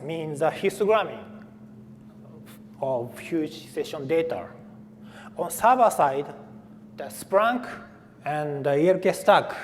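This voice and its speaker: A man giving a technical conference talk, speaking haltingly with frequent fillers and restarts. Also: fairly high pitch. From Japan. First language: Japanese. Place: conference hall. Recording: faint hall reverb, light room noise.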